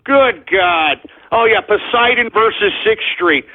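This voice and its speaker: Man, radio host, angry cursing rant, high-pitched, raspy. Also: animated, unhurried, phone-quality sound. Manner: agitated, cursing, shouting at trolls. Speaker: internet radio show host. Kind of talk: live call-in style radio rant.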